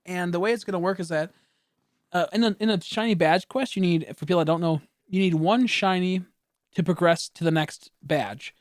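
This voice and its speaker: A young man chatting casually on a home stream, his voice sitting a little high for a man. He rambles, corrects himself and swears offhandedly, with a cough now and then. The sound is dry and close, with no room echo. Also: moderate pace. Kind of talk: casual chat.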